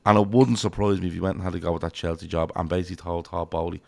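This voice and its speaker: Irish male podcast host, low gravelly voice, rambling, sweary, chatty football talk. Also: little pitch movement, rapid-fire. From Ireland. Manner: rambling, swears freely, acts out quotes. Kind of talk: casual football chat.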